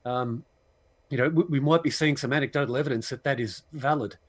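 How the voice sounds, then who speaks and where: A man's voice: medium pitch, fairly quick, breathy edge. A man co-hosting a casual commentary podcast, with a dry, sarcastic humor. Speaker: podcast co-host.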